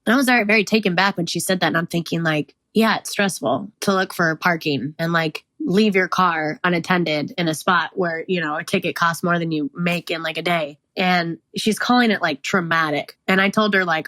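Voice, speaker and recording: A woman's voice: on the low side, normal speed, hardly any pauses, fairly bright tone, no room sound. A woman in her thirties, the host, talking through her own life in a candid, rambling monologue, full of "like" and small laughs. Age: 30s. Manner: rambling and confessional, frequent "like" fillers, laughs often. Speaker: podcast host.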